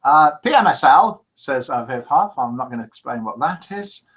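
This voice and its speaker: A man hosting a live call-in show, in a jokey, lively manner, chatting and reading out listener messages. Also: mid-range voice, normal speed, slightly rough.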